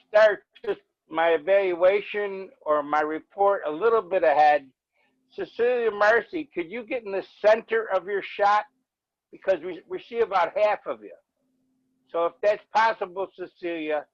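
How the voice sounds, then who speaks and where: A man with a fairly high voice gives a direct report at an online club meeting. The call audio is dull and muffled, with a dry sound. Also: dry recording. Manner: formal greeting, direct. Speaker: meeting evaluator.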